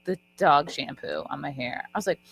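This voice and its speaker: A woman's voice: sits low, moderate pace, vocal fry, a bit bright, husky. A woman in her thirties hosting a live podcast, chatting casually and rambling, often trailing off mid-sentence. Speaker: podcast host. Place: live event at a resort.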